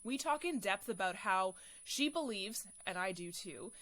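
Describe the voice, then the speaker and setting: A woman's voice: mid-range voice, animated, unhurried, fairly bright tone. A woman with a West Coast Canadian accent hosting a podcast, effusive and enthusiastic, laughing easily. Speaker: podcast host. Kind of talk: podcast intro and interview chat.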